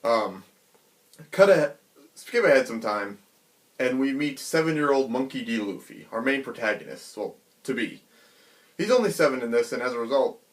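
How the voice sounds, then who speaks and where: A man casually retelling a comic chapter in an animated, chatty way, acting out the characters' quotes. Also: mid-range voice. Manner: animated, chatty, many fillers. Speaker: manga reviewer.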